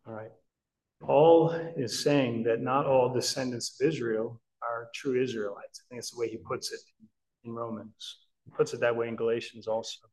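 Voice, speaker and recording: A man's voice: medium pitch, rough recording. A man preaching a Bible-teaching sermon in an earnest, emphatic way, often checking in with listeners.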